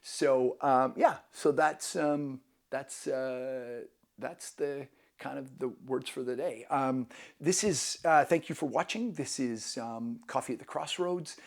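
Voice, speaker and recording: Gravelly man hosting a travel vlog. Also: medium pitch, takes it slowly. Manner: enthusiastic and self-deprecating. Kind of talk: casual travel tips talk.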